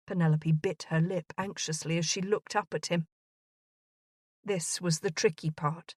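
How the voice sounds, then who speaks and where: A woman narrating a historical romance audiobook in a measured, even manner. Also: fairly low pitch, no room sound, clean studio sound.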